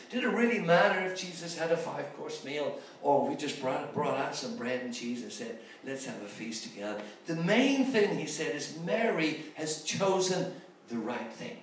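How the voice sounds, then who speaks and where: A man's voice: on the high side, expressive, normal speed, a bit bright. A man preaching a sermon, retelling Bible stories with rhetorical questions and frequent restarts. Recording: echoey room from far off, faint background noise.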